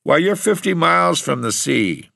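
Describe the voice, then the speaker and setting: A man's voice: lowish voice, lively intonation, moderate pace, vocal fry, a bit bright, no echo, clean studio sound, pitched above the performer's own voice. A man voicing a worried, middle-aged rustic village landlord who speaks in plain country talk. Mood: fretful.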